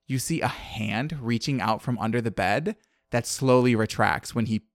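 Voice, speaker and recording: A man in a casual chat, retelling a story with lively delivery and quick shifts into the characters' voices. His voice sits at a medium pitch and is recorded dry and close, with no room sound. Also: no room sound. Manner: animated storyteller, acts out characters' lines. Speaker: podcast co-host recapping a film.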